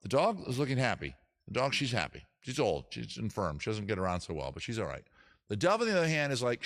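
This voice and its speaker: A man's voice: medium pitch, very animated, quick pace, fairly bright tone. A man hosting a music livestream from home, chatting in a rambling, jokey, self-deprecating way. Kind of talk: casual livestream chat.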